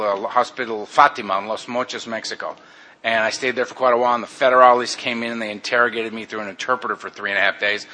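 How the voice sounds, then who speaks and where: Man, mid-pitched voice, personal testimony, blunt, candid, casual storytelling. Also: sharp tone. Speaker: speaker telling his recovery story.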